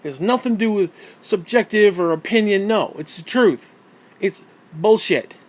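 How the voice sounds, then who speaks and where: A man's voice: sits high, moderate pace. A man ranting heatedly about a video game at home, swearing constantly in an angry, profane tirade. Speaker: gaming YouTuber. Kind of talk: angry gaming rant.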